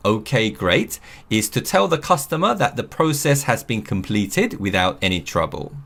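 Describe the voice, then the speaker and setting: A man teaching English, reading out model phrases slowly and clearly for learners to repeat. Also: mid-range voice, a bit bright. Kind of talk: scripted lesson narration.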